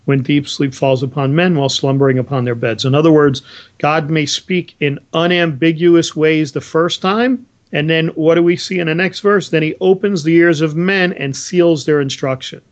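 A man's voice: on the high side, steady tone, moderate pace. A man co-hosting a Bible discussion, explaining verses earnestly and reading scripture aloud. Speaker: Bible study co-host.

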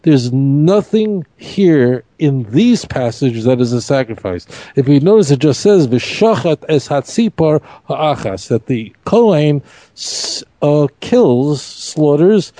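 A man teaching a Torah study class in an animated, emphatic way, repeating key points and asking rhetorical questions. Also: a little high, slow pace, dry recording.

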